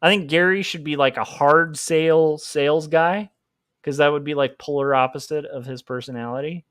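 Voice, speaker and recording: A man's voice: on the high side, steady tone, moderate pace, fairly bright tone, no room sound, studio quality. A man hosting a casual livestream while drawing, rambling and joking at his own expense. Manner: joking, rambling, self-mocking. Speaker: livestream host, comic artist.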